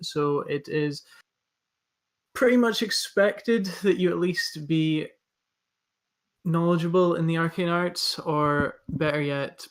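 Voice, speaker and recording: A man playing a dutiful noble elder brother. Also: on the high side. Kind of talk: in-character introduction at a tabletop game.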